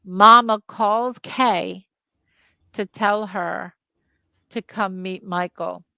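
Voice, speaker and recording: A woman co-hosting a casual film podcast, retelling book scenes with lively storytelling. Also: mid-range voice, extremely slow, vocal fry, smooth, dry recording. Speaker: film club podcast co-host.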